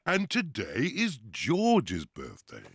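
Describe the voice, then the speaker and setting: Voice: medium pitch, huge pitch swings, slow pace, breathy edge, no room sound, clean studio sound, heavily acted. An actor voicing an easygoing, good-humoured father pig in a cartoon, speaking.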